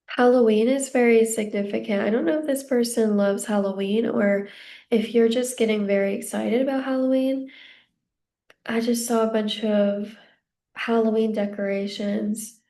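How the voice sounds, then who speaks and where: A young woman giving a casual psychic tarot reading, a little out of breath, gentle and reassuring as she rambles with fillers. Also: a little high, fairly even intonation, normal speed. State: slightly out of breath. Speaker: tarot card reader.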